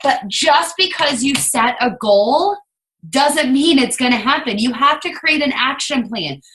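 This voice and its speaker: Lively, bright-voiced woman coach on a call. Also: high-pitched, measured pace. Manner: chatty, rambling, digressive. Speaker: team coach leading a business call. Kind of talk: casual motivational team call. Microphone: video call.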